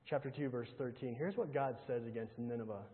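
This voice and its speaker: A man preaching a sermon, earnestly reading scripture aloud and pressing his point with rhetorical questions and repetition, often dropping to a low hush. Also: expressive, a little fast. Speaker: pastor. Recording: tinny phone-like sound with long hall reverb.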